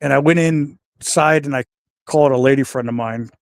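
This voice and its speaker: A man's voice: mid-range voice, moderate pace, no echo. A man, a retired pro wrestler and interview guest, telling stories in casual talk and acting out the voices of the people he quotes. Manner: animated storyteller, voices the people he quotes, swears freely.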